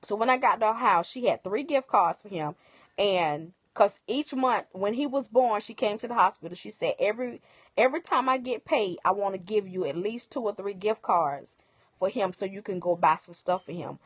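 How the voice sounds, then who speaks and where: A woman's voice: medium pitch, normal speed, slightly rough, no room sound. Emotional woman telling a story live. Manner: emotional, animated retelling with quoted dialogue. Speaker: livestream host. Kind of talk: casual storytelling to viewers. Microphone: phone.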